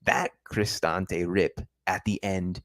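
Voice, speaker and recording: Low-voiced young man hosting a football stream. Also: steady tone, slow, a bit bright, dry recording. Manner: enthusiastic, talks straight to viewers. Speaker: host of a football livestream. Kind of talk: casual post-match livestream talk.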